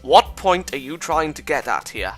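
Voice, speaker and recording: A man's voice: a little high, very animated, normal speed, faint music behind. A Welsh man voicing a weary, skeptical male student with a dry way of speaking.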